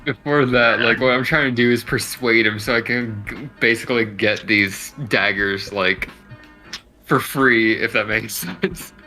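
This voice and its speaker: A man's voice: medium pitch, measured pace, sharp tone, faint music behind. A man playing a tabletop game, talking casually and hesitantly with many fillers. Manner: hesitant, filler-heavy talk. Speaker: player.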